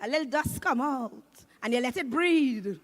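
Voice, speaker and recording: A woman in her fifties with a Trinidadian accent, doing loud, animated stand-up comedy on a live stage. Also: high voice, normal speed. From Trinidad and Tobago. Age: 50s. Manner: loud, animated, shouting punchlines.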